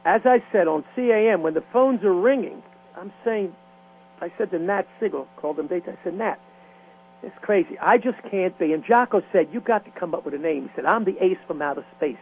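An older man, a veteran radio disc jockey telling stories in an interview with lively, rhyming patter. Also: high-pitched, a little fast. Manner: animated rhythmic storytelling, rhyming patter. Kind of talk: storytelling interview. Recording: tinny phone line with faint hum.

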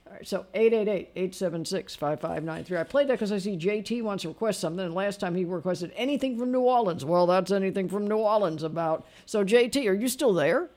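A man hosting a late-night radio music show, chatty and quick to laugh as he talks with callers. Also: sits high, a little mellow. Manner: chatty, with frequent laughs and asides. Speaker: radio DJ and host. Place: radio studio.

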